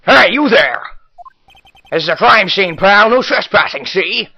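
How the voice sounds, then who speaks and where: A man's voice: high-pitched, expressive, a little slow, pushed and bright, pitched above the performer's own voice, heavily acted. A man doing a gangster-talking tough detective. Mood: gruff. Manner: old-timey gangster talk, tacks on "pal" and "see?". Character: gruff tough-guy male police detective.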